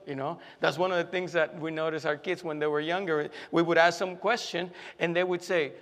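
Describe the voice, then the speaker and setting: High-ish guy preaching, chatty style, keeps repeating himself for emphasis, big echoey church hall. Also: moderate pace, hardly any pauses, fairly bright tone. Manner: conversational, repeats phrases for emphasis, many fillers. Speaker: pastor. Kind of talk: sermon. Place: church sanctuary. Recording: long hall reverb.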